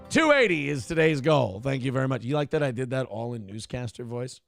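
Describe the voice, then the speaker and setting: A man's voice: medium pitch, lively intonation, brisk, creaky, hardly any pauses, faint music behind. A man hosting a casual livestream morning talk show, rambling, profane and opinionated as he reads out donations and riffs.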